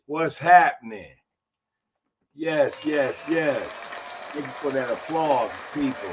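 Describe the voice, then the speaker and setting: A man's voice: on the high side, slow pace, a little hiss or hum. A man of fifty hosting a live podcast in a laid-back, drawling style. He repeats phrases and calls his listeners y'all. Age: 50s. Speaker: podcast host. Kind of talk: casual live podcast chat.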